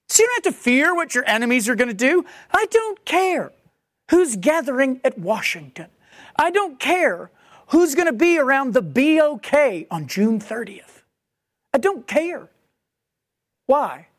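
A woman delivers a sermon in a high, swooping voice. She preaches conversationally, with animated asides. The sound is dry and close, with no room echo.

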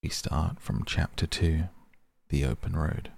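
A man narrating a children's classic as an audiobook, reading in a measured, steady way. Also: very deep voice, vocal fry, husky.

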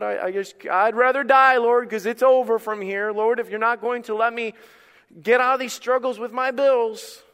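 A man's voice: on the high side, clear, resonant tone, lightly acted. A man voicing a despairing believer who whines and pleads with God. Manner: whiny, pleading. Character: whining despairing believer begging to die.

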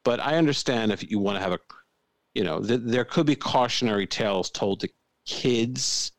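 A man's voice: medium pitch, moderate pace, dry recording. A man co-hosting a podcast, making wry, dry remarks in casual chat. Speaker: podcast co-host.

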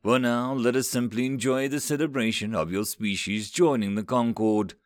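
A man voicing a smooth, calm male alien official who speaks reassuringly and a little condescendingly. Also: medium pitch, normal speed, no echo, clean studio sound, natural voice. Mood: smooth reassurance.

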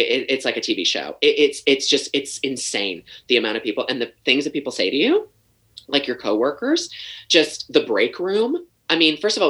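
A guest telling animated stories about an old telemarketing job, restarting phrases and swearing casually. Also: medium pitch, rough recording. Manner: animated, repeats words, swears freely. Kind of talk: casual storytelling interview.

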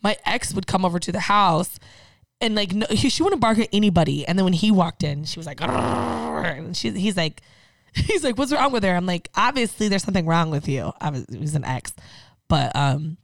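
A woman chatting casually, an animated storyteller who acts out quotes and swears freely. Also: on the low side, brisk, no echo. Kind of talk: casual chat.

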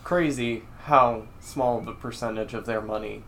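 An animated man in casual conversation. His bright, forceful voice jumps into exaggerated impressions when he quotes people, and he swears freely. A faint hiss sits under the recording. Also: mid-range voice, moderate pace, vocal fry. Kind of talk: casual chat.

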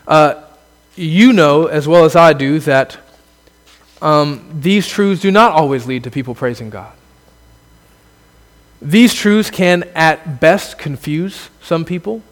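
A man preaching a sermon as a pastor, earnest, building to emphatic exclamations and then dropping low. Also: slow pace, in a large hall.

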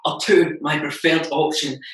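A man's voice: fairly high pitch, fairly even intonation, measured pace, a bit bright, roomy sound, recorded from a distance, rough recording. A man with a strong Scottish accent, a guest pastor giving a recorded sermon with jokes and a casual manner. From Scotland. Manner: joking, self-deprecating, Scottish words like wee.

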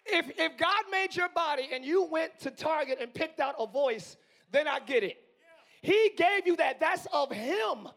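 Man, pastor, 40s, very high voice, hoarse, quiet musing to yelling, live sermon. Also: animated, unhurried. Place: church sanctuary.

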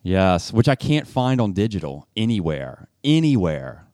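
A man's voice: fairly low pitch, very animated, unhurried, darkish tone, no echo, studio quality. A man co-hosting a podcast in casual chat, blunt and opinionated, swearing casually. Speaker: podcast co-host.

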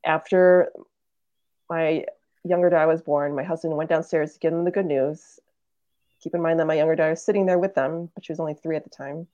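A woman's voice: low voice, steady tone, a little fast, dark tone, no room sound, lo-fi sound. A woman in her thirties, a podcast guest, earnestly telling a family story in casual conversation and acting out what relatives said. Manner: earnest storytelling, acts out quoted family members.

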